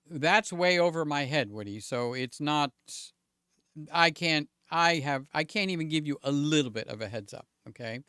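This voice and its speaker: A man's voice: a little high, fairly bright tone, smooth, no room sound. A man hosting a casual livestream in his home studio. He chats, thinks aloud, pokes fun at himself and keeps checking in with his viewers. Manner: self-deprecating, thinks aloud. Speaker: livestream host. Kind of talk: casual live-stream chat. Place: home studio with several cameras.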